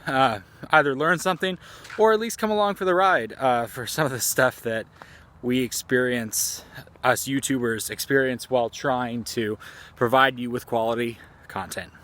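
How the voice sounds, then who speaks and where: A man's voice: mid-range voice, moderate pace, fairly bright tone. A man vlogging outdoors at dusk, talking into a phone held at arm's length in a chatty, rambling, self-deprecating way. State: a little out of breath. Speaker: gaming YouTuber. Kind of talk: casual vlog talk to camera. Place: outdoors at dusk, near trees.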